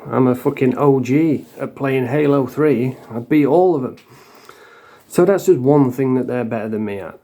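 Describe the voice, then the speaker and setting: A man's voice: medium pitch, normal speed, dark tone. A man from the Doncaster area with a Yorkshire accent, telling blunt, rambling stories to camera in casual vlog style, swearing often. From Doncaster area, England. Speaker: vlogger.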